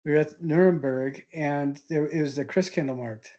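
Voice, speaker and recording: In what sounds like a classroom, a male art history teacher shares rambling, casual anecdotes in a warm, low voice at a moderate pace. Hesitant and chatty, he fills his stories with ums and restarts and chuckles at his own jokes; the audio has its highs cut off.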